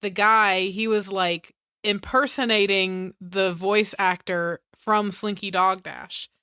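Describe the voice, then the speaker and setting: Bright-voiced young woman telling a story. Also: medium pitch, slow, clean tone, no echo, clean studio sound. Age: 20s. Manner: animated storyteller, laughs often. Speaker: podcast co-host. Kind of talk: casual chat.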